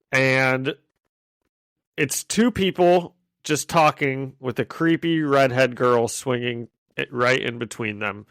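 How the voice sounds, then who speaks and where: Podcast co-host, man, excitable and laughing, gravelly tone on a dry mic. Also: mid-range voice, dry recording. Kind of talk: casual chat.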